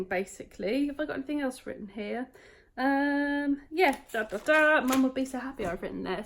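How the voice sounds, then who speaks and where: A woman chats to camera in a casual home vlog. She rambles and fills gaps with "um" and "like", and her voice sits at an ordinary middle pitch. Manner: rambling, talks in quick bursts, many fillers. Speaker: vlogger.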